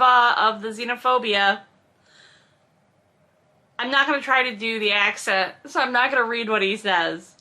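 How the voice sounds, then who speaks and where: Bright-voiced woman, sarcastic commentary. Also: on the high side, animated, normal speed. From from a Russian family. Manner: sarcastic, wry asides between read passages. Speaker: podcast host reading and critiquing a novel. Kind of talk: casual reading with commentary.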